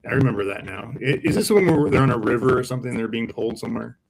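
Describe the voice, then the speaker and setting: A man's voice: medium pitch, very fast, vocal fry, a loud crowd, poor audio. A man co-hosting a podcast, eagerly recalling other episodes in casual chat. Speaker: podcast co-host. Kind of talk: casual discussion.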